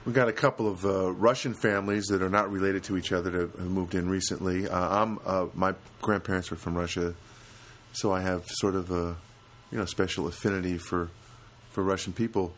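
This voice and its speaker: A man's voice: deep voice, fairly even intonation, brisk, a little hiss or hum. A man hosting his own podcast in a casual comedic monologue, rambling and self-deprecating with frequent restarts. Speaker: podcast host.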